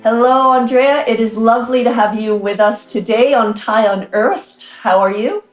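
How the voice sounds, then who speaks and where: A woman's voice: on the high side, normal speed, echoey room, faint music behind. A woman with a North American accent hosting a podcast interview, chatty and effusive, with frequent restarts. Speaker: podcast host.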